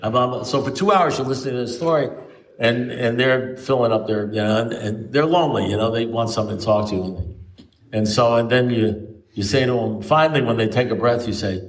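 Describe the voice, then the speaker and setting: A man's voice: mid-range voice, moderate pace, recorded from a distance. A man telling rambling stories with lots of restarts to a recovery group, recorded at a meeting. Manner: rambling anecdotal storytelling with frequent restarts. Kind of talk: storytelling talk to a recovery group. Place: meeting room.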